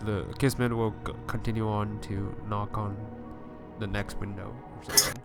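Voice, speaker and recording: A man playing a casual tabletop game, explaining his plans haltingly with fillers. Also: lowish voice, flat delivery, creaky, music in the background. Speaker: player.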